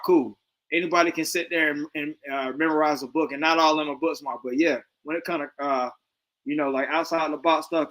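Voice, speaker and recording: A man's voice: on the high side, a bit bright, rough recording. A man giving loose, rambling commentary with lots of slang and fillers. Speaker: stream host reacting to a debate. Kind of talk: casual commentary.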